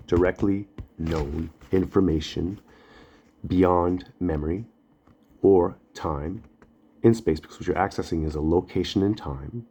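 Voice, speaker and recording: A man rambling through a spiritual monologue and story, animated, slangy and full of swearing. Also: sits low, slight background noise. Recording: dull lo-fi recording.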